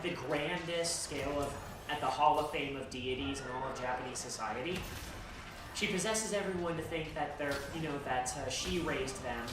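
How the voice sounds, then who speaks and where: A streamer chatting casually while playing a game, rambling with restarts and laughter. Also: mid-range voice. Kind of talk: casual chat while gaming. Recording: very echoey, distant, background noise.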